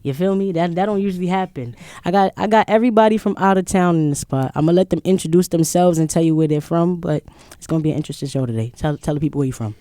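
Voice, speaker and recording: A woman's voice: on the low side, fast, mellow, no room sound, studio quality. A woman hosting a casual podcast, talking loosely with profanity and laughs. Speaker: podcast host. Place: studio round table.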